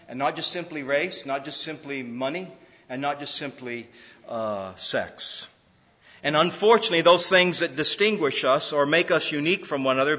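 A man's voice: on the high side, pushed and bright. A man preaching a sermon, stressing his points with rising, repeated phrases. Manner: preaching with rising emphatic repetition. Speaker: pastor. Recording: muffled sound with long hall reverb.

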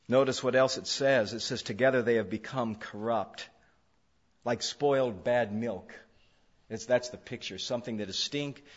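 A man preaching an expository sermon, emphatic, repeating phrases for stress. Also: medium pitch. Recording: dull lo-fi sound in a reverberant hall.

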